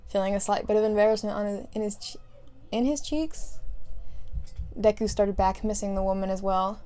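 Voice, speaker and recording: A woman reading a fan story aloud in a relaxed, casual way. She often giggles and restarts lines when she trips over them. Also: mid-range voice, normal speed, clear, resonant tone. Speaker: fan fiction reader.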